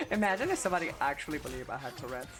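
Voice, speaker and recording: A woman livestreaming a game, talking crudely to her chat and yelling at her teammates. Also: low-pitched, wildly swooping pitch, fast talker. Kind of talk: live gaming stream chat.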